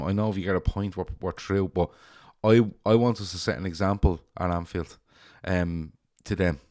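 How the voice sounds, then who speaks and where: Give me an excitable man hosting a football chat, deep voice, dry close sound. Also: dry recording. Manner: animated, sweary, laughing, stammering restarts. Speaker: podcast host.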